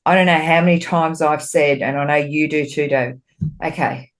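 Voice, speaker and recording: Casual and candid, a spiritual medium who co-hosts a podcast talks expressively, cursing freely. She gets animated when recounting her exchanges with spirit. Her voice sits low, and her pace is moderate.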